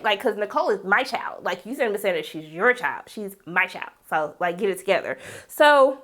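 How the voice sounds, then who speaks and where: A woman's voice: mid-range voice, moderate pace, few pauses. A woman reviewing a TV episode in a casual, sassy recap, acting out the characters' lines. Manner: animated, sassy, acts out characters in raised voice. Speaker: TV show reviewer.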